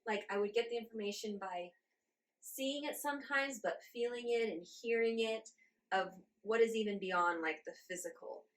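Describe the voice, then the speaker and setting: A woman in her forties, a channeler appearing as an interview guest, tells her story in a lively way, laughing often and acting out her own reactions. Her voice is on the high side at a moderate pace.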